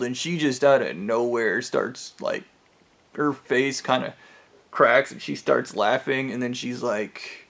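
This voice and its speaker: A man's voice: mid-range voice, a little slow, gravelly, a bit bright. A man telling a rambling story from his own life in a casual, profane way, with plenty of fillers. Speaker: vlogger.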